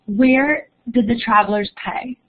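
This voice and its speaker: A young Spanish teacher leads a live lesson online, encouraging and upbeat as she goes through answers posted in the chat. Her pitch is fairly high and her pace measured, and the audio is narrow and phone-like.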